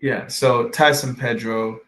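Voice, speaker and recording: A man's voice: medium pitch, steady tone, takes it slowly, fairly bright tone, a little hiss or hum, rough recording. Rambling man hosting a fight podcast. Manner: rambling, full of fillers and restarts, swears casually. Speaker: podcast host. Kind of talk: casual fight-talk podcast chat.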